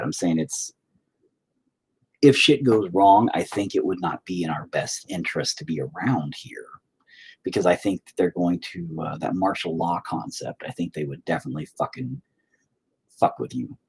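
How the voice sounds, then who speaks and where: Young male streamer, low husky voice, lively swings in pitch, rambling and profane. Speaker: livestreamer painting while chatting. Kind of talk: casual stream chat. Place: home, indoors.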